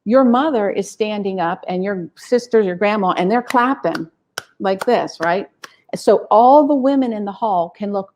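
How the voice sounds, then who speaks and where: Middle-aged woman scholar in an interview, lively, acts out quotes, mid pitch. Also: unhurried, slight background noise. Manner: animated, acts out quoted people. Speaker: music scholar, interview guest.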